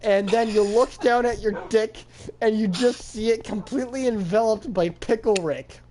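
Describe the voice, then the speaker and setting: A man's voice: a little mellow, a little hiss or hum, rough recording. Young man rambling a profane absurd tale. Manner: profane, rapid rambling, breaking into high yelps for voices. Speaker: streamer. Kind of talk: rambling absurd storytelling on a stream.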